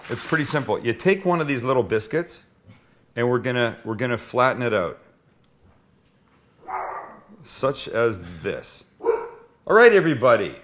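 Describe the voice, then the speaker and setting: A man's voice: mid-range voice, big pitch swings, measured pace, pauses often, a bit bright, a little hiss or hum. A man hosting a casual cooking demonstration in a home kitchen, joking and wisecracking as he explains each step. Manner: joking, wisecracking, a bit profane. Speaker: cooking show host.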